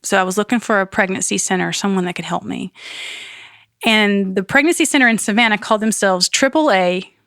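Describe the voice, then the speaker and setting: Woman, podcast guest, earnest animated testimony, mid pitch, dry close sound. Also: dry recording. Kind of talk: personal faith testimony.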